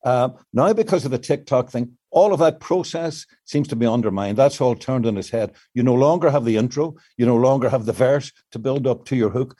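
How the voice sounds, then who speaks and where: Older man, mellow voice, songwriter explaining craft. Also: mid-range voice, fairly quick, few pauses, breathy edge. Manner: explains at length with many restarts, sings fragments to illustrate. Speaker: songwriter guest. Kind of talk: reflective interview answers.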